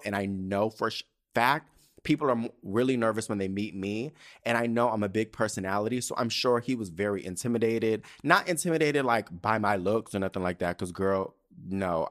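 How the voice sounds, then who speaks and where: A man's voice: medium pitch, a bit bright. A man from San Diego hosting a podcast, telling a story in a brash, campy, profane casual monologue full of restarts. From San Diego, California. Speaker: podcast host.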